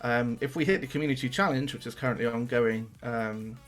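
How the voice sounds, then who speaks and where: A man's voice: medium pitch, fairly quick, fairly bright tone, faint music behind. A young man, chatting casually as a guest on a streaming podcast and swearing now and then.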